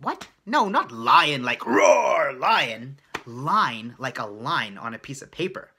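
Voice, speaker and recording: A man coaching children through a playful drawing lesson at his art desk, animated, with gasps and little sound effects. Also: medium pitch, a little slow, a little hiss or hum. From Canada.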